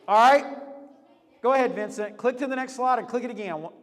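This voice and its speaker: A man hosting a lively game for a group, upbeat and teasing, laughing often. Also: extremely high pitch, a little fast, in a large hall. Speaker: youth leader hosting a game.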